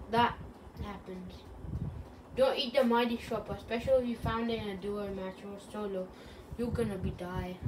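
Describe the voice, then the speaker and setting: A woman rambling through silly, self-joking commentary while playing a video game. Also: fairly high pitch. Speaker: gaming channel host. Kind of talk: casual gameplay commentary. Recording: distant mic with clear background noise.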